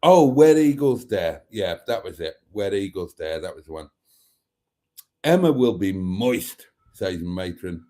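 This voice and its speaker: A man's voice: low-pitched, very animated, measured pace, dark tone. A man hosting a casual live stream, reading viewer comments aloud and chuckling often.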